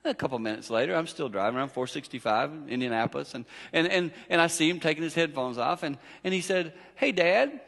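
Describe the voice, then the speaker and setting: A middle-aged man preaching a storytelling sermon in a church, animated and acting out family dialogue. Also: a little high, fast talker, few pauses. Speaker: guest preacher. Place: church sanctuary. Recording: long echo of a church hall.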